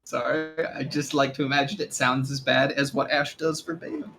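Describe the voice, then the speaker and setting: A man's voice: mid-range voice, fairly even intonation, moderate pace, loud music behind the voice, low-quality recording. A man playing a tabletop game, speaking hesitantly in character as a performer. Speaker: player. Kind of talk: in-character tabletop role-play.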